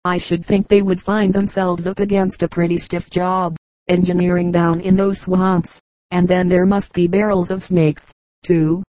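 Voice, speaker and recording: A woman reading the part of an eager young male census agent in an audiobook, keen and quick to agree. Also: fairly low pitch, little pitch movement, warm tone, dry recording, lightly acted, low-quality recording.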